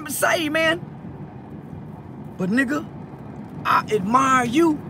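A man's voice: very high voice, animated, takes it slowly, long pauses, background noise. A tearful man speaking straight to camera in an emotional monologue, stammering through repeated words and pleading from the heart. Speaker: online personality addressing a peer.

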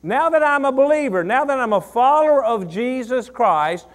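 A man's voice: extremely high pitch, animated, moderate pace. A man, preaching a sermon, repeating phrases and asking the congregation questions. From Mississippi. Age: 40s. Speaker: pastor.

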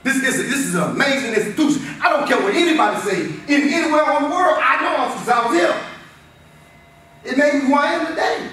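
A man in his fifties gives a fired-up motivational talk in a locker room, his fairly high voice climbing into shouts and then dropping low and intense. He repeats his points over and over. He is heard from well off the mic in a hard, very echoey room with faint noise behind. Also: lively intonation, fairly quick, distant mic. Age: 50s. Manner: emphatic and repetitive, swings between shouting and low intensity. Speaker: motivational speaker.

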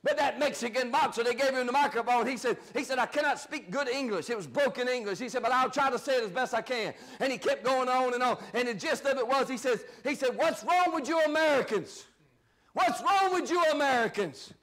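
High-pitched shouting preacher. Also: male voice, brisk. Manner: shouting preacher, drops to low asides. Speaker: pastor. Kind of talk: fiery sermon.

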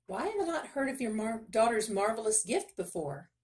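A woman's voice: a little high, very animated, normal speed, voice pushed up. A woman voicing a greedy, cruel king with a nasal voice who gives orders coldly. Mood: commanding. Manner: commanding, quiet and dangerous. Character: cruel greedy male king, cold and menacing.

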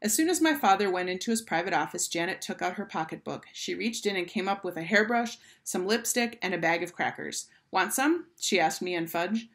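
A woman teacher reading a children's book aloud in a clear, expressive storytelling voice. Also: fairly low pitch, a little fast, few pauses.

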